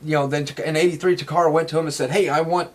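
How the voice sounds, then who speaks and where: Young guy gushing in an interview, talks super fast, lots of restarts. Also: a little high. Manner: excitable, quick, rambling with many restarts. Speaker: interviewee, toy collector. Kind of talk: casual interview chat.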